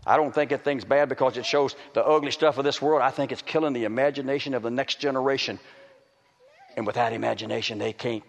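A man's voice: mid-range voice, steady tone, fast talker, gravelly. Preacher man in a big echoing hall. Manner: swings between loud calls and hushed pleading. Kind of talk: sermon. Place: large hall with an audience. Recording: reverberant hall.

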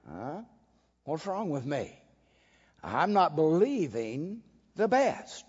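A man delivers a sermon in a high voice at a slow, deliberate pace. He swings between loud bursts and hushed asides and acts out the voices he quotes with wry humor. The dull recording carries a long hall reverb. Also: expressive, gravelly. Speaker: preacher.

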